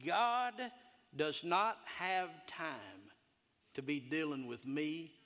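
A man's voice: a little high, lively intonation, takes it slowly, a bit bright, exaggerated voice. A weary, despondent man in his sixties, resigned and dejected, as a preacher quotes him. The voice rings with the long echo of a hall. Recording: echoey hall.

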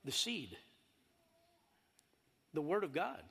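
Animated high-voiced male preacher. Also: slow, gravelly, husky, long reverb tail. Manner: animated and emphatic, drawing in the congregation. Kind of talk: sermon.

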